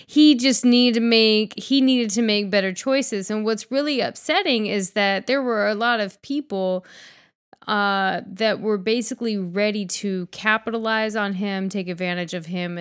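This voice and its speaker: A woman's voice: mid-range voice, steady tone, measured pace, smooth. A woman co-hosting a podcast in casual chat, talking frankly, rambling with fillers and swearing freely. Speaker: podcast co-host.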